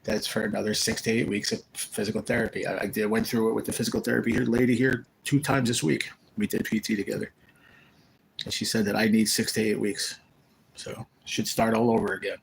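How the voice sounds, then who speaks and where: Male streamer with a gravelly, lowish voice who tells loose, rambling stories while chatting with viewers. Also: fairly even intonation, a little fast, slight background noise, low-quality recording. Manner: rambling, storytelling, retells conversations. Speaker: live-stream host. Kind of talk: casual live-stream chat. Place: rehab care facility room.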